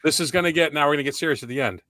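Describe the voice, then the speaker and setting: A man's voice: fairly high pitch, racing, sharp tone, no room sound, clean studio sound. A man co-hosting a podcast, running an easygoing round of questions in casual chat. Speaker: podcast co-host asking questions.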